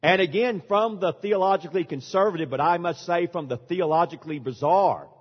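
A man with a high voice delivers an emphatic sermon, leaning on dramatic pauses. His words ring out with a long reverb in a large church sanctuary. The recording sounds dull and muffled. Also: breathy edge. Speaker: pastor.

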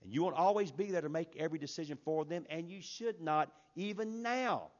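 A man's voice: a little high, fairly quick, a little mellow, dull audio. Man preaching with emphatic swings. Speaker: pastor. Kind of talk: sermon.

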